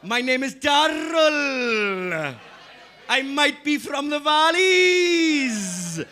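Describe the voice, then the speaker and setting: A man voicing a cheery stranger whose accent blends Welsh, Indian and Geordie. He introduces himself loudly and slowly, in a sing-song way. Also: very high voice, sing-song, some chatter behind, pitched above the performer's own voice, exaggerated voice. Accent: mixed Welsh, Indian and Geordie.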